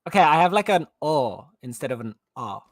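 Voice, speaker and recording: A speaker with a South African accent and Afrikaans background, chatting excitably and laughing on a gaming stream. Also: mid-range voice, brisk, no echo, clean studio sound. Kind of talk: casual chat.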